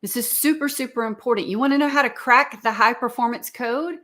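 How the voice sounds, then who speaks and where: A woman's voice: fairly high pitch, brisk, fairly bright tone. A middle-aged woman coach leading a live-streamed talk, earnestly putting probing questions to her viewers.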